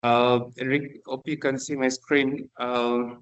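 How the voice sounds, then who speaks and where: A man's voice: mid-range voice, little pitch movement, slow pace, smooth, muffled recording. A man opening his online presentation on a video call, hesitant, with many filler sounds. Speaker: guest presenter.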